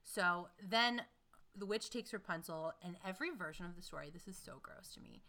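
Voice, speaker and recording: A woman co-hosting a chat show, retelling a fairy tale in a wry, animated way. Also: fairly low pitch, fairly quick. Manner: wry, animated, swears casually. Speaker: podcast co-host.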